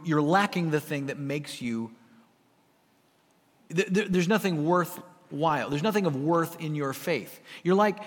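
A man preaching a sermon as pastor, swinging between hushed asides and loud emphatic lines, with humor. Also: fairly high pitch. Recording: long reverb of a large hall.

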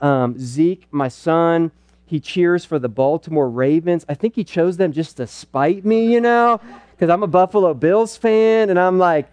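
Middle-aged male pastor, earnest and chatty, slightly high voice, mellow tone, dry close sound. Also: measured pace, clear, resonant tone, no echo. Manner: earnest and conversational, with playful asides. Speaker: pastor speaking at a parenting night. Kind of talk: church teaching talk.

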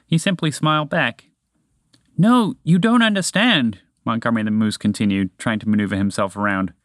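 A man's voice: medium pitch, moderate pace, fairly bright tone, no room sound, clean studio sound, natural voice. A man doing a fretful clumsy moose. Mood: earnest. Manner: fretful, emotional. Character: big clumsy anxious male moose.

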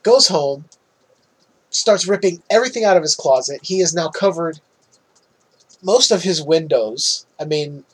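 Podcast co-host, man, slightly raised pitch, breathy edge, lively recap with laughs. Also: a little slow, long pauses. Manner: animated, laughs often, swears freely. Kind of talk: casual movie recap chat.

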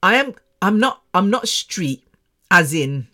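A woman's voice: lowish voice, very animated, takes it slowly, sharp tone. A woman from England in her forties talks straight to her listeners in a casual podcast monologue. She is chatty and self-mocking, with frequent laughter, in the easy manner of a former radio presenter.

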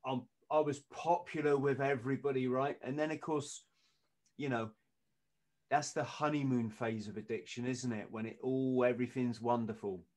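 Lively man telling stories. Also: mid-range voice, normal speed. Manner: lively anecdotes, acting out quoted lines in punchy bursts. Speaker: podcast guest. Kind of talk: storytelling in casual chat.

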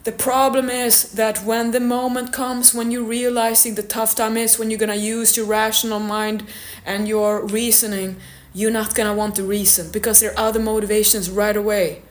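A woman's voice: fairly high pitch, level tone, normal speed. A woman fitness coach giving a blunt, candid motivational monologue and swearing now and then. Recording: echoey room.

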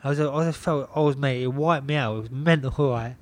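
A young man, a boxer on a podcast, telling a story in casual chat. He swears in nearly every sentence, repeats himself and keeps the telling lively. His voice sits at an ordinary middle pitch for a man. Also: brisk, dry recording. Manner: swears constantly, animated, repeats himself, laughs a lot. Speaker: podcast guest, pro boxer.

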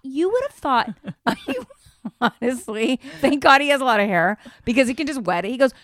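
A woman's voice: sits high, fairly quick, no echo, clean studio sound. A woman co-hosting a podcast, telling a casual story with swearing and acted-out quotes. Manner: animated storyteller, swears freely, acts out quotes. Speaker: podcast co-host. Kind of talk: casual chat.

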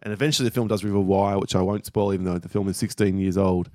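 A man co-hosting a casual podcast chat, a steady, detailed storyteller recounting film scenes. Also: sits low, fast, no room sound, studio quality. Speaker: podcast co-host.

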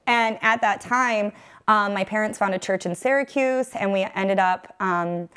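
A woman's voice: medium pitch, a little slow, fairly bright tone, clear, resonant tone. A woman in her thirties from upstate New York, telling her faith story as an interview guest, earnest and rambling with many fillers and restarts. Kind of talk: personal faith testimony in conversation.

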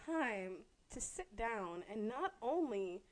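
A woman co-hosting a podcast in casual chat, teasing with dry, deadpan asides. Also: a little high, takes it slowly. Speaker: podcast co-host.

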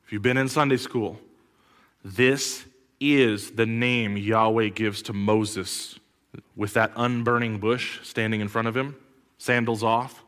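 A man preaching a sermon as pastor, animated and full of rhetorical questions, with sudden loud bursts. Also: fairly low pitch, slow pace, smooth. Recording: long hall reverb.

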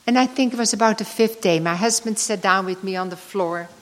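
A woman's voice: medium pitch, fairly quick. An older woman telling a heartfelt personal story in a sermon and leading a prayer. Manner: emotional storytelling, ending in soft prayer. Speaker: speaker giving a devotional talk. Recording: long reverb of a large hall.

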